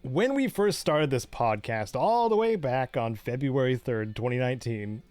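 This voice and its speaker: Relaxed man on a dry mic. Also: medium pitch, moderate pace, no room sound. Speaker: podcast co-host. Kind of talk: casual gaming podcast chat.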